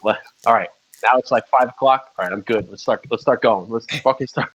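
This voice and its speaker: A man's voice: mid-range voice, a little fast, a bit bright, breathy edge. A man from Long Island tells a loose, rambling story in a casual podcast chat and swears freely. His voice sits in a middle range. The recording sounds dull and lo-fi. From Long Island, New York.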